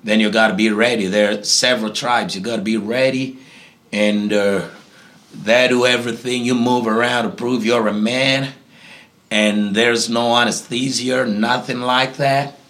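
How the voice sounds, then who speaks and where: A pastor from Africa, appearing as a guest, answers interview questions in a preaching style. His mid-range voice holds a steady, fairly bright tone at normal speed, and he's emphatic, often repeating key phrases.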